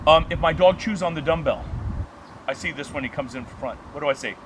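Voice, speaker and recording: A man's voice: on the high side, fairly quick, a little hiss or hum, low-quality recording. A man leading a dog training workshop, lecturing and sharply calling out commands.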